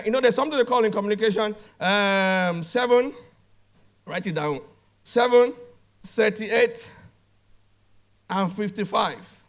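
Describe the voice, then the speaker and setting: A man speaking at a business conference, emphatic and direct, repeating phrases and calling out to the audience. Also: high-pitched. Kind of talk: motivational conference talk. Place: conference hall.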